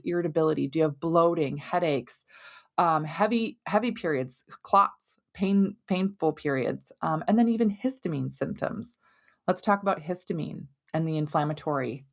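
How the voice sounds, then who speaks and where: Lower-pitched woman explaining with homely analogies. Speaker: podcast host and hormone health doctor. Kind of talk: educational podcast monologue.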